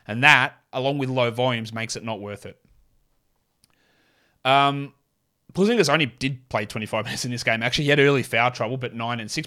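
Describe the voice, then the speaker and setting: A man's voice: medium pitch, a bit bright. A man hosting a solo fantasy basketball podcast, blunt and sarcastic, cursing casually as he runs through stats and reads an ad. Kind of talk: solo sports podcast with ad read.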